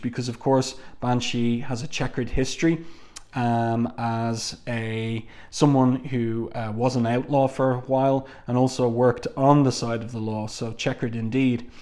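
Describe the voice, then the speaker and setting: A man's voice: mid-range voice, steady tone, moderate pace, darkish tone. Chatty man reviewing comic books. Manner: chatty, with frequent fillers and asides. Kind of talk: casual review with read-aloud quotes.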